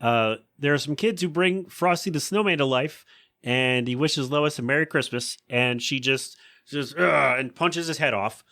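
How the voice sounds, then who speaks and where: A man's voice: mid-range voice, moderate pace, bright, forceful tone. A man hosting a podcast, chatting casually through an episode recap and breaking into funny voices for quoted lines. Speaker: podcast host.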